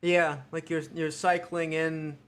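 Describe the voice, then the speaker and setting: A man's voice: fairly high pitch, little pitch movement, slow, a bit bright. Profane rambling American man streamer. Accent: American, mixed Midwestern and New York tinge. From Ohio, USA. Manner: rambling, profane, thinking aloud. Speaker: livestream host. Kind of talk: casual live-stream chat.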